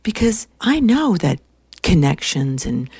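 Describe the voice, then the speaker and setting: A woman's voice: on the low side, big pitch swings, takes it slowly, gravelly, husky, no room sound, voice pushed up, heavily acted. A woman doing a blunt no-nonsense secretary, whispered role-play. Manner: blunt, sharp retorts. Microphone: phone. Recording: dry phone recording.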